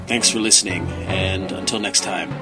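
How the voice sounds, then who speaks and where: A male podcast host signing off the episode in a wry, relaxed way. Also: low-pitched, normal speed. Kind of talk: episode outro. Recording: loud music under the voice.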